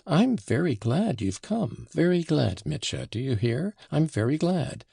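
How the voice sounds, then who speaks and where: A man putting on a sharp, teasing young woman. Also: a little high, very animated, unhurried, vocal fry, slightly rough, no echo, clean studio sound, voice pushed up, exaggerated voice. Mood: insistent. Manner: reproachful and insistent.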